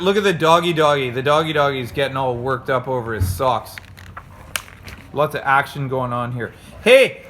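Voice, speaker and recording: A man's voice: a little high, fairly bright tone, a little hiss or hum. A man from North America reading a children's storybook aloud, chatty and jokey, making the sound effects and commenting as he goes. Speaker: storybook reader. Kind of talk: playful read-aloud with commentary.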